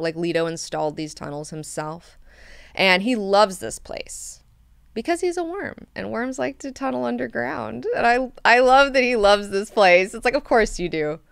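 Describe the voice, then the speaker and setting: A woman hosting an online book club, recapping chapters in an animated, enthusiastic way and swearing freely. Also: lowish voice, vocal fry, clear, resonant tone, no echo. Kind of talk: casual book discussion.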